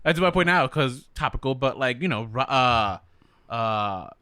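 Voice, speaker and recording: A man co-hosting a podcast in casual chat, lively and rambling with many fillers. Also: medium pitch, unhurried, clean tone, no echo, studio quality. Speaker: podcast co-host.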